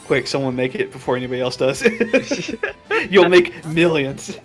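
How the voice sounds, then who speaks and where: A man's voice: fairly high pitch, sing-song, unhurried, faint music behind. A man chatting casually while streaming a game, laughing often and teasing the others with swearing. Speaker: gaming streamer. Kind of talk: casual gaming chat.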